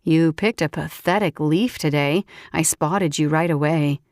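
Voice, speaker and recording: A woman voicing a playful, teasing young female shifter friend in an audiobook, pitching her voice a little lower. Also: a little slow, a little mellow, no room sound, studio quality.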